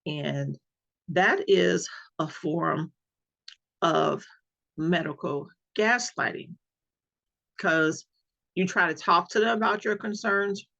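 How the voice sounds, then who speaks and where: Gravelly-voiced woman telling her story. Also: fairly low pitch, slow pace, long pauses, fairly bright tone. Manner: earnest, emphatic, repeats key words. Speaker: patient sharing her own experience. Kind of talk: personal storytelling. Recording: dull lo-fi recording.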